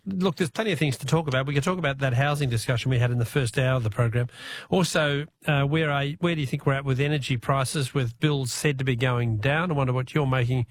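A man's voice: mid-range voice, quick pace. An Australian man hosting a late-night talk radio show in a studio, chatting casually and often correcting himself. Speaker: radio host.

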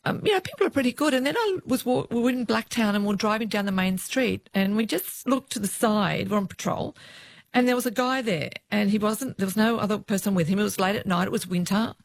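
A middle-aged woman with an Australian accent, a former police officer telling lively stories in an interview and quoting what others said. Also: mid-range voice, fast talker. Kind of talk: interview storytelling.

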